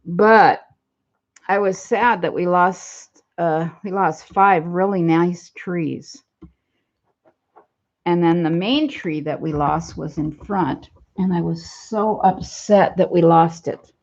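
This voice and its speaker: Slow, gravelly older woman rambling at home. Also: lowish voice, darkish tone. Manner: rambling, laughs easily, slow and chatty. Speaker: vlogger. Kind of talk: casual chat. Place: at home, then out in the yard. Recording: dull lo-fi phone audio.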